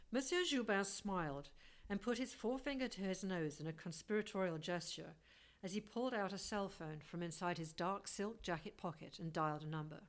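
A woman's voice: on the low side, a little fast. A woman reading a first-person story aloud as an audiobook, with a wry, lightly humorous manner. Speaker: audiobook narrator. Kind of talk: storybook narration.

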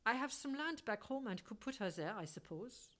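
A woman reading an audiobook, voicing a refined, unflappable middle-aged gentleman who speaks politely and calmly. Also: fairly high pitch, moderate pace, pitched above the performer's own voice. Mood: composed. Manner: polite, composed and courteous.

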